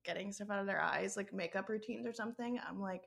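A woman's voice: medium pitch, fast, gravelly, fairly bright tone. A woman from the American South hosting a podcast, giggly and chatty in casual conversation. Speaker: podcast host.

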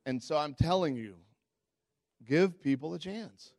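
A man preaching a sermon as pastor, telling stories in a candid, self-mocking way and jumping into high squeaky voices when quoting people. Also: unhurried, no room sound, studio quality. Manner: animated storytelling, jumps into high squeaky voices for quotes.

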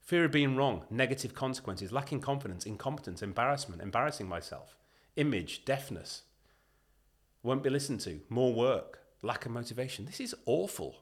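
A man speaking as a podcast guest, with a voice at an ordinary middle pitch for a man. He talks in an emphatic, animated way and slips into little acted-out voices for other people. His delivery is conversational and driven. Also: normal speed. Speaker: podcast guest, leadership consultant.

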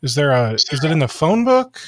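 This Ohio podcast host's voice sits on the high side and runs a little fast, captured on a dry recording. He chats casually, animated and joking, laughing often.

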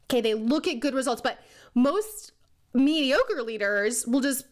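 A woman's voice: high-pitched, animated, unhurried. A woman giving a casual motivational talk on leadership, who laughs often and keeps checking in with "okay?" and "right?". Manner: chatty, laughs often, puts on silly voices for people she mocks; says "okay?" and "right?" a lot. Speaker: leadership coach.

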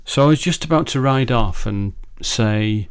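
A man's voice: medium pitch, measured pace, clear, resonant tone. A man hosting a podcast, telling a personal story in a reflective way with hesitant restarts. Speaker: podcast host.

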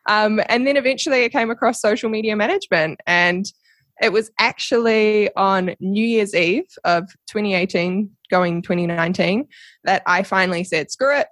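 A young woman with a New Zealand accent tells her story as a podcast guest. She talks animatedly, laughs often and acts out what others said. Her voice sits in the middle of the pitch range, and the sound is dry and close. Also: moderate pace, a bit bright, dry recording. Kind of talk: casual storytelling interview.

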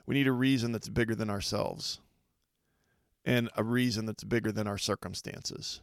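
A middle-aged man with a gravelly, creaky edge to his voice gives an earnest motivational podcast talk. He speaks slowly and reflectively, pausing often. The sound is close and dry, with no room around it. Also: fairly low pitch, steady tone, no echo. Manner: earnest, reflective, measured delivery with deliberate pauses. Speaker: podcast host.

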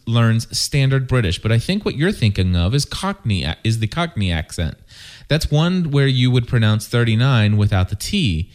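A man co-hosting a fan podcast reads listener emails aloud in a halting way, restarting often. His voice is medium-pitched and a little mellow.

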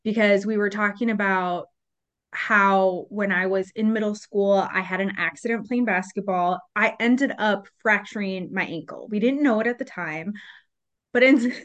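A woman's voice: mid-range voice, moderate pace, fairly bright tone, muffled recording. Chatty woman podcast host. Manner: chatty, self-mocking storyteller. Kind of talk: casual podcast conversation.

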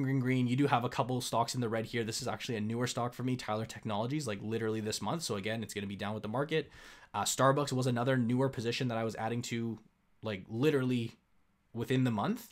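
A young man from Canada hosting an investing channel, talking in a chatty, emphatic way with lots of fillers. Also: medium pitch. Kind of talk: casual explainer talk.

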